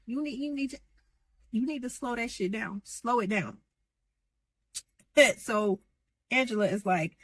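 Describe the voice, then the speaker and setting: A woman's voice: fairly high pitch, unhurried, long pauses, no room sound. A woman giving a sassy, slangy recap of reality TV gossip, acting out what the cast said. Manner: sassy, animated, slangy, acts out quotes. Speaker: gossip commentator.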